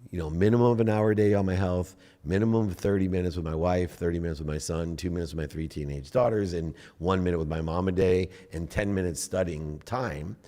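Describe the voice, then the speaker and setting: A middle-aged man with a very low voice speaks as an interview guest. He is animated and blunt, swears now and then, and jumps into acted-out inner dialogue. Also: a little fast, few pauses. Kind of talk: casual interview talk.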